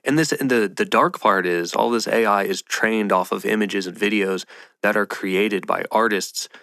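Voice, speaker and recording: A man's voice: fairly low pitch, creaky, a bit bright, dry recording, studio quality. A man hosting a podcast, talking in a rambling, playful casual monologue and slipping into mock voices. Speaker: podcast host.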